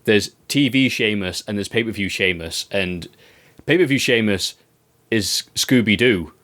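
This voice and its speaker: A man co-hosting a wrestling review, chatting casually in an animated, ranting way and swearing freely. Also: on the low side, a little slow. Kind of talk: casual chat.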